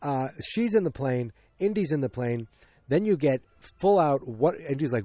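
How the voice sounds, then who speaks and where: A man's voice: medium pitch, animated, moderate pace, dark tone, no echo. A man hosting a podcast, recapping a film casually, rambling with many restarts and acting out bits of dialogue. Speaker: podcast host.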